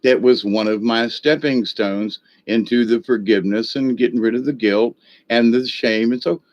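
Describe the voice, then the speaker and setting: A man's voice: medium pitch, steady tone, moderate pace, darkish tone. Folksy man teaching, dull lo-fi sound. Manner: folksy, rambling storyteller with blunt coarse language. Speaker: spiritual teacher. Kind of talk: casual spoken teaching.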